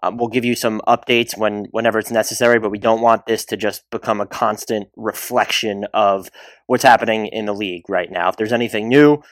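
A man's voice: on the low side, fairly even intonation, brisk, no echo. A man hosting a solo basketball podcast, chatty and rambling with restarts and asides. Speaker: podcast host.

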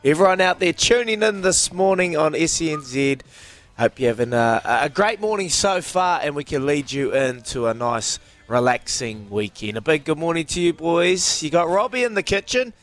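A man's voice: a little high, moderate pace, fairly bright tone. A man with a New Zealand accent hosting a breakfast radio show, upbeat and teasing in casual chat. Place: radio studio.

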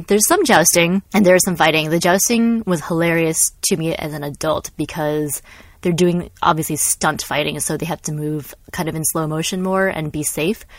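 A young woman co-hosting a casual podcast chat, an animated storyteller who acts out quotes and laughs often. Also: deep voice, moderate pace, no room sound. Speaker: podcast co-host.

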